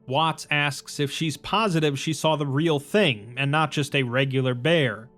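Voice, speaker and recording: A man's voice: fairly high pitch, a little slow, soft background music. Man narrating in a matter-of-fact tone. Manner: even, matter-of-fact retelling. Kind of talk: scripted narration summarizing a story.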